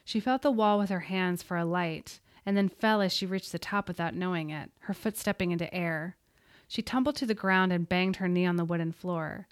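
Woman storyteller, steady suspenseful reading, lowish voice, dry close sound. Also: moderate pace, no echo. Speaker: audiobook narrator. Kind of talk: scripted narration.

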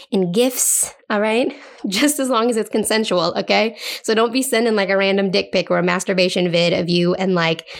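A woman talking casually on her own podcast, her mid-range voice often dipping into a gravelly fry. She sounds playful and chatty, and she keeps checking in with her listeners. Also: mid-range voice. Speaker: podcast host. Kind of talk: casual solo podcast talk.

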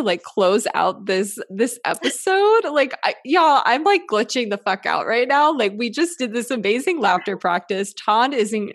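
A woman's voice: a little high, no room sound, studio quality. A woman hosting a podcast from her home, talking in a gushing, casual way, swearing freely and calling her listeners y'all. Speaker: podcast host.

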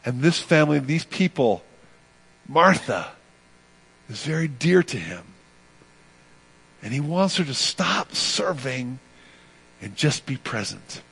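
A man pastor preaching a sermon with emphatic delivery, repeating phrases and swinging between loud and soft passages. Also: a little high, very animated, slow, gravelly, pauses often, husky.

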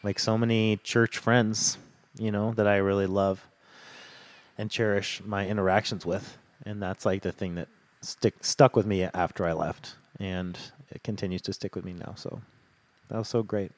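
Man co-host, lowish voice, relaxed and rambling. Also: moderate pace, no echo. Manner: relaxed, chatty, many fillers and murmured agreement. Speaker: podcast co-host. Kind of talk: casual church podcast chat.

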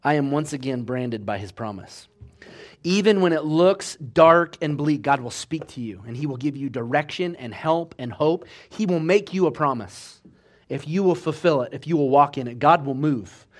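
A man delivers a sermon with a fairly high voice and an animated, swinging delivery. He acts out the quotes in his story, moving between loud, urgent bursts and hushed passages. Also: normal speed. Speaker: preacher.

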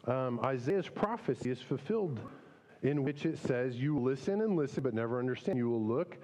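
A man's voice: medium pitch, animated, normal speed, a little mellow. A man preaching a casual, conversational sermon, with many fillers and restarts. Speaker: pastor. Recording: long hall reverb.

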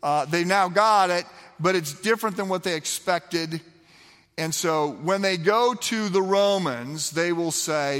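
A man's voice: on the high side, takes it slowly. A man teaching a sermon on a Bible passage, acting out the dialogue of the scene. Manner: animated, acts out the dialogue of the scene. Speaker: preacher. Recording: long reverb of a hall.

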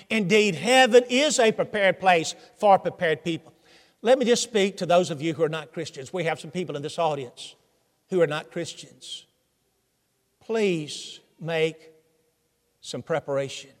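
An older man with a Southern American accent, from Tennessee, preaching a sermon with emphatic rhetorical questions, swinging from loud to hushed. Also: high-pitched, normal speed, big-room sound. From Tennessee, USA. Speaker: visiting preacher.

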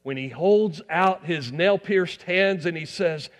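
Brief: man delivering a sermon in a reverberant church, rising emphasis then soft asides. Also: high voice, slow, few pauses. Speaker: pastor.

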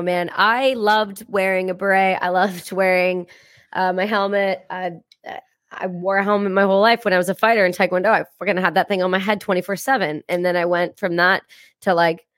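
A woman in her thirties, a podcast guest, talking in a blunt, profane and energetic way in a casual interview. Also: fairly low pitch, no room sound, studio quality.

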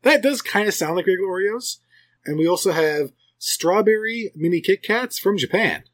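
A man's voice: high voice, animated, moderate pace, a bit bright. A middle-aged man hosting a casual snack-tasting podcast, joking and laughing as he talks. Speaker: podcast host. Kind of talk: casual chat.

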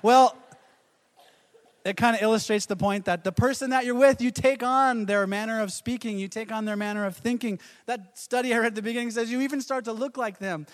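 Pastor preaching in a reverberant hall. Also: male voice, sits high. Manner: storytelling with quoted voices and chuckles. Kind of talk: sermon.

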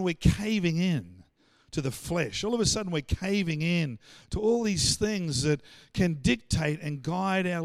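A man with an Australian accent preaching a sermon, animated and full of stammered restarts as he acts out the voices of the people he quotes. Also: fairly high pitch, dry recording. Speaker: pastor.

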